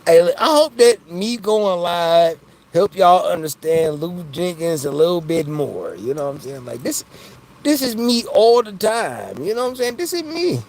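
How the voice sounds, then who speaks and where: The man speaks in a high, slightly mellow voice with big pitch swings at a moderate pace, chatting casually on a livestream. He's loose and playful with viewers, laughs often, and keeps checking "you know what I'm saying," all on poor-quality audio.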